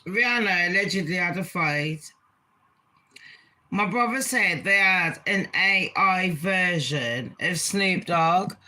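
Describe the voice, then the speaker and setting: A woman's voice: on the low side, slow pace, bright, forceful tone. A woman chatting casually as a gossip vlogger, blunt and crude, swearing freely and tossing asides to her viewers.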